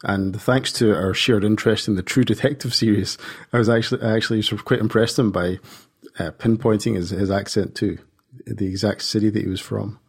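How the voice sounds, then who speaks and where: Fast-talking husky Scottish man. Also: fairly low pitch, steady tone. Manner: chatty, uses "wee". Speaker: podcast co-host. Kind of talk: casual podcast chat.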